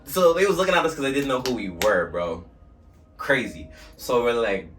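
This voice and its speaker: A young man from New Jersey telling a story on his vlog in an animated, slangy way with swearing. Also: low-pitched, normal speed. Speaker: vlogger. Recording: distant mic with faint music.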